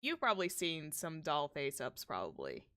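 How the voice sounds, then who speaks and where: Smooth-voiced chatty woman streamer. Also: deep voice, huge pitch swings, moderate pace, pushed and bright. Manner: rambling, chatty. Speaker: streamer host. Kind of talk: casual chat while drawing.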